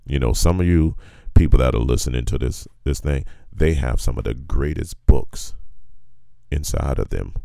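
A man with a cavernously low bass voice full of gravel and fry. His tone is dark and mellow, and his delivery is laid-back and colloquial, stretching words for emphasis. The sound is dry and close. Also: normal speed. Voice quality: very deep bass voice. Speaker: guest. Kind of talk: casual motivational storytelling.

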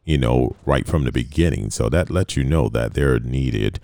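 A man hosting a casual interview, relaxed and conversational, often repeating words as he thinks. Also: very deep voice, normal speed, gravelly, no echo, clean studio sound. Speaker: podcast host.

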